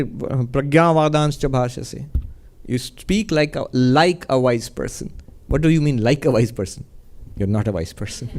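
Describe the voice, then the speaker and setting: A man, a monk, giving a spiritual talk in a gentle, reflective storytelling manner, often chuckling. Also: high voice.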